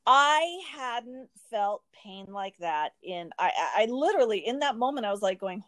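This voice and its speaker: A woman's voice: a little high, very animated, measured pace, no room sound. A woman in casual podcast conversation, telling a personal story animatedly, often restarting her sentences.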